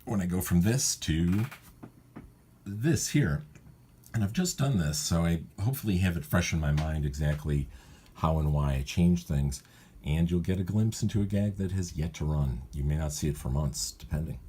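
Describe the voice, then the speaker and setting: A man's voice: low voice, normal speed, warm tone, a little hiss or hum. A male cartoonist casually walks through how he writes his gags, thinking aloud and often correcting himself. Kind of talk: casual walkthrough of his writing process.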